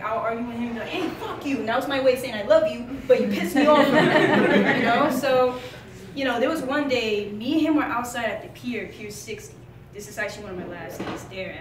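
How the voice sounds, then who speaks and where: A woman giving a candid, laughing, profane spoken tribute at a memorial gathering. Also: a little high. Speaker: eulogy speaker. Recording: roomy hall from far off, noisy.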